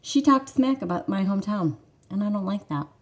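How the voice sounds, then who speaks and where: This woman in her thirties, from the Detroit suburbs in the USA, hosts a cross-stitch vlog. Her medium-pitched voice is a little mellow, fairly quick, and lively in intonation. She chats casually and enthusiastically, often breaking into laughter.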